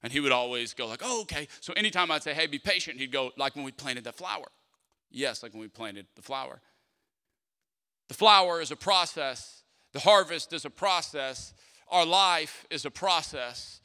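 A man in his thirties preaches from a church stage. His voice is very bright and a bit high, and it rings with a long hall reverb. He tells stories animatedly and acts out each character's lines. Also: moderate pace, smooth. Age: 30s. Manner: animated storyteller, acts out dialogue, playful asides to the congregation. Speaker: pastor. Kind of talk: sermon with storytelling. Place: church sanctuary.

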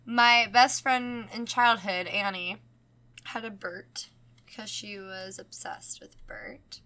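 A woman co-hosting a podcast in casual chat, chatty and quick to laugh, with some swearing. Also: medium pitch, fairly even intonation, pushed and bright. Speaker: podcast co-host.

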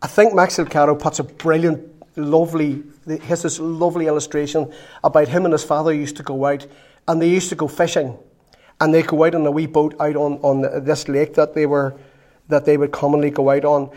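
A man preaching a sermon, telling a story with lively acted-out quotes. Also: fairly high pitch, a little fast. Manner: storytelling, animated, acts out quotes.

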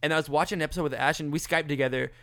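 A man co-hosting a podcast, telling stories in an animated way and swearing freely in casual chat. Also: on the high side, rapid-fire, dry recording, clean studio sound. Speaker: podcast co-host.

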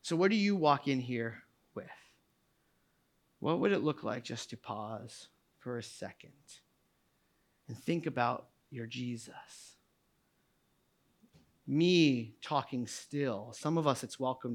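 A man preaching a sermon to a church congregation, moving between quiet reflective passages and loud, shouted climaxes. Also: mid-range voice, takes it slowly, long pauses. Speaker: pastor. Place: church sanctuary.

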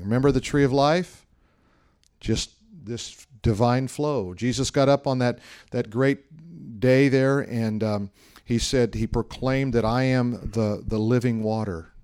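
Pastor guy preaching, jokey and chatty, tells funny stories, middle of the road pitch. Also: a little mellow. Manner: humorous, anecdotal, conversational preaching. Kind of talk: sermon.

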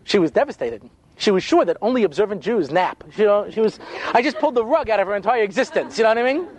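A man, a rabbi, telling funny stories in an animated way, with quick asides and acted-out voices. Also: sits high. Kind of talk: humorous storytelling talk.

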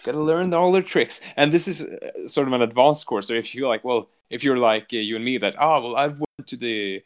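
A man's voice: medium pitch, brisk. A man hosting a podcast in casual chat, rambling and joking and swearing freely, slipping into silly mock voices now and then. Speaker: podcast host.

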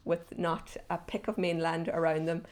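A woman's voice: on the low side, monotone, normal speed, darkish tone. A woman in an academic conversation about folklore, enthusiastically retelling legends.

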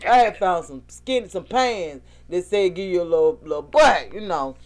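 A woman co-hosting a casual talk show, telling animated stories, laughing often and acting out what people said. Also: fairly low pitch, moderate pace. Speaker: podcast co-host. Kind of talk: casual chat.

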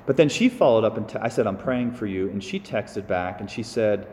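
A priest giving a casual, animated homily to his congregation, with sighs and small asides. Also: on the low side, fairly quick, few pauses, long reverb tail, a little hiss or hum. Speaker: Catholic priest. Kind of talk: conversational homily.

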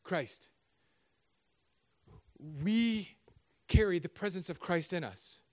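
A middle-aged man, a pastor, preaching a sermon in an animated, conversational, joking way. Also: high-pitched, takes it slowly.

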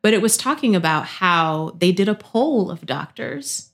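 Lively thirties woman chatting on a podcast. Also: a little slow. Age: 30s. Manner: animated storyteller, acts out quotes with pitch jumps. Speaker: podcast co-host. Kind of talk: casual chat.

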